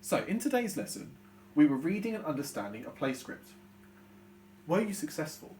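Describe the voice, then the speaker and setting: Lively British male teacher, patient. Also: on the high side, moderate pace, slight background noise. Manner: clear, patient teacher explaining step by step. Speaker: primary school teacher. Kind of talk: recorded online lesson for young children.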